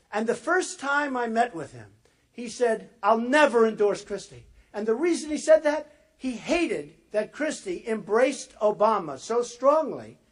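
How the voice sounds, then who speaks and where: Husky-voiced man giving a rambling rally speech. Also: extremely high pitch. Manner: rambling and repetitive, talking straight to the crowd. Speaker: political candidate addressing a rally. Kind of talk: off-the-cuff campaign rally speech.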